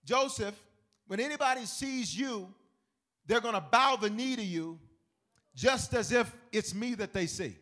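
A man voicing a boastful, grand male Pharaoh, making loud, exuberant proclamations. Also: expressive, measured pace, heavily acted. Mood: proclaiming. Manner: booming, exuberant, laughing proclamations.

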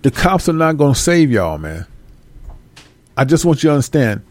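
A man giving a blunt, preachy, animated rant to his viewers, swearing freely. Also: fairly high pitch, normal speed, no echo. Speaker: vlogger. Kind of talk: ranting commentary to viewers.

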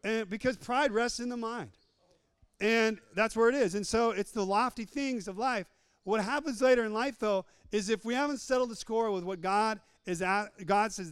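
High-voiced, playful male preacher. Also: moderate pace, smooth, dry recording. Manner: acts out little scenes in different voices; repeats phrases for emphasis. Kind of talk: humorous sermon.

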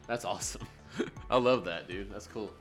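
A man co-hosting a casual podcast, rambling through stories with plenty of laughs and loose restarts. His voice sits fairly low but sounds bright and forceful. Faint music hums behind him. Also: moderate pace. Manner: rambling, laughs often, many fillers and restarts. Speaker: podcast co-host. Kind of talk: casual chat.

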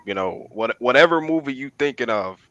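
A man co-hosting a podcast, telling stories in a casual, animated way with lots of slang. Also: medium pitch, a little fast, no room sound, muffled recording. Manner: animated storytelling with slang, says "man" often. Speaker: podcast co-host. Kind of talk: casual chat.

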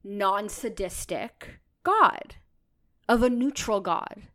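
A woman co-hosting a podcast, chatting casually and thinking out loud with enthusiasm. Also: medium pitch, expressive, takes it slowly. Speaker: podcast co-host.

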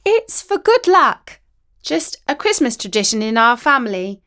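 A woman's voice: a little high, very animated, measured pace, a bit bright, clean tone. A woman voicing an anxious but composed young girl who speaks politely and carefully. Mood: flustered.

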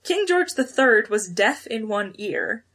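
A woman co-hosting a podcast, chatting casually and reading listener comments aloud, quick and excitable. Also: on the high side, breathy edge. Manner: quick, excitable, laughs often. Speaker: podcast co-host.

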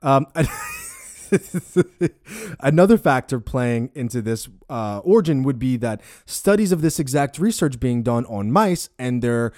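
A man hosting a relaxed podcast, his voice at a middle pitch and recorded close and dry. He talks loosely, laughs often and stumbles over long science words. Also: a little slow, dry recording. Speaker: podcast host. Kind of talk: casual podcast chat.

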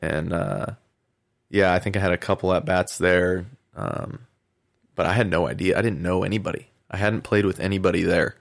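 Deep gravelly-voiced man telling a story. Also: normal speed, no echo, clean studio sound. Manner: animated anecdote, acts out quotes, laughs often. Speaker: guest, former pro baseball player. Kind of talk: storytelling in a podcast interview.

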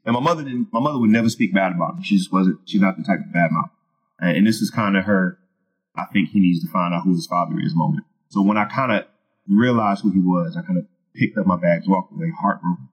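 Fast-talking low-voiced man sharing his story. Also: dull audio. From Virginia. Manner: earnest storyteller, casual with many fillers and restarts. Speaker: guest. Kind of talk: personal testimony in an interview.

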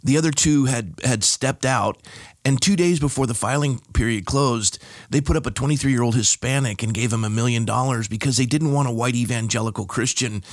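A middle-aged pastor from California, appearing as a podcast guest, tells a personal story in an interview with real emphasis, lifting his voice for the punch lines. His medium-pitched voice moves a little fast, and the podcast studio recording is dry and clean.

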